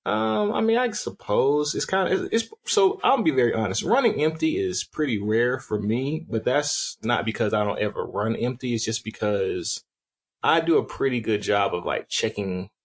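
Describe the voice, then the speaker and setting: Husky-voiced man, candid podcast chat. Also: mid-range voice, expressive. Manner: measured, candid, thinks aloud with restarts. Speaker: podcast co-host. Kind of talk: casual chat.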